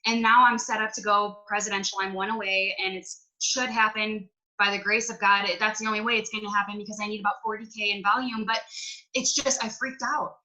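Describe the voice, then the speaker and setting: Over poor audio on a video call, a woman with a medium-pitched, fairly flat voice talks a little fast in a pushed, bright tone. She's a network marketing team leader speaking casually, rambling emotionally with lots of "like" and acting out her own past conversations in quoted self-talk.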